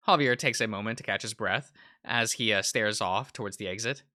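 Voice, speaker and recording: A man's voice: on the low side, fairly quick, pushed and bright. A man hosting a let's play, reading a visual novel aloud in a casual way with fillers.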